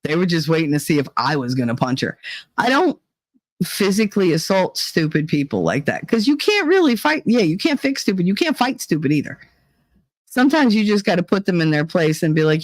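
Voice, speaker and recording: A woman's voice: on the low side, sing-song, brisk, no echo, rough recording. A woman hosting a casual talk show, telling a story in a blunt, profane, swaggering way. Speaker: podcast host.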